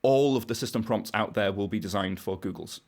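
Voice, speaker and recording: A British man with a fairly low voice talks through technical ideas on a podcast. He is casual and wry, working out his points aloud for the hosts. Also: fairly quick, darkish tone. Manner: explanatory, wry, thinks aloud. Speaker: podcast guest, browser engineer.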